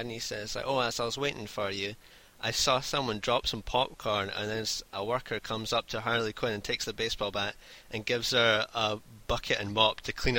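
A man's voice: mid-range voice, sharp tone. A man casually telling a rambling, laughing anecdote and swearing freely.

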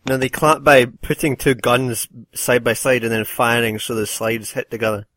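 Bright-voiced man joking crudely. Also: medium pitch, little pitch movement, moderate pace. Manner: crude, laughing, provocative jokes. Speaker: podcast co-host. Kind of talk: casual chat.

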